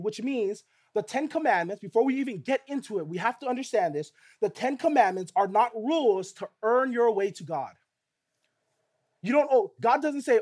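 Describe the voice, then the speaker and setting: A man's voice: extremely high pitch, animated, moderate pace, darkish tone. A middle-aged male pastor preaching a sermon in a conversational way, often asking rhetorical questions of the listeners.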